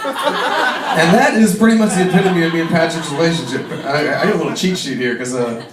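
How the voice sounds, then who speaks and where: A man's voice: a little high, expressive, a little fast, background noise. A young man doing his first stand-up comedy set in a bar, telling rambling stories and laughing at his own jokes. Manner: rambling storyteller, acts out friends' voices, laughs at own jokes. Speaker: stand-up comic. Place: small bar stage. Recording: echoey live room mic, from a distance. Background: crowd laughter.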